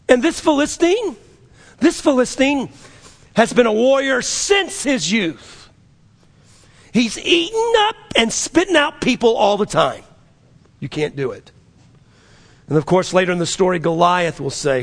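A male pastor preaching with a high, gravelly voice. He swings between loud, drawn-out exhortation and low, quiet asides, acting out the people in his stories. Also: big pitch swings. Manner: preaching with dramatic swings, quoting figures in voices. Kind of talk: sermon.

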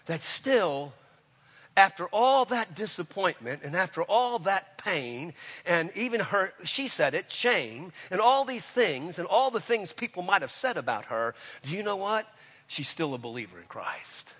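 Impassioned high-voiced male preacher in a hall. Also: sing-song, a little slow, breathy edge. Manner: impassioned, swings between loud declarations and quiet intensity. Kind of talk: sermon.

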